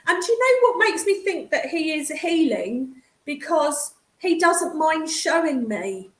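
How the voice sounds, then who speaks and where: A woman's voice: high-pitched, big pitch swings, measured pace, echoey room. A woman giving a psychic reading as a medium, chatty and affectionate, calling the sitter darling.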